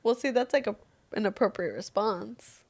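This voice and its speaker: A woman's voice: medium pitch, moderate pace. A young woman co-hosting a casual podcast, chatty and swearing, quoting her own reactions. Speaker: podcast co-host. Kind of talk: casual chat.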